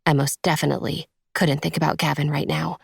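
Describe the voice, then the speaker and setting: A woman narrating a first-person romance audiobook in a measured, intimate storytelling manner. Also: low-pitched, flat delivery, vocal fry, breathy edge, no echo, studio quality.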